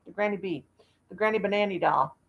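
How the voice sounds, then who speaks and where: A woman's voice: mid-range voice, brisk, gravelly, lo-fi sound, slight background noise. A woman in her fifties hosting a casual live stream, rambling in a folksy way and laughing at herself. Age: 50s.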